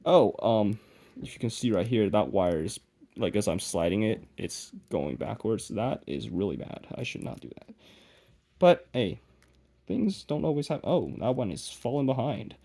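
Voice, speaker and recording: A man's voice: fairly low pitch, big pitch swings, moderate pace, mellow. A young man talking casually to camera as he works on a project, mumbling and self-deprecating, often trailing off and restarting. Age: young adult. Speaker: vlogger. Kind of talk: casual rambling vlog while working.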